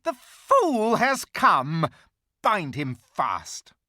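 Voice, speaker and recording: A man reading an audiobook, voicing a cruel, imperious witch with shrill, drawn-out, commanding shouts. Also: wildly swooping pitch, no echo, full character voice. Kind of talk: audiobook character voice.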